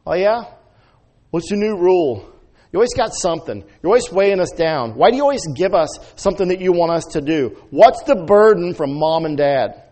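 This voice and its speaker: A preacher in a sermon voicing a rude, sarcastic child who taunts loudly in a raised voice. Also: male voice, expressive, fairly quick. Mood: sarcastic taunting. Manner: high, loud, sarcastic taunting. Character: sassy mocking child, rude and whiny.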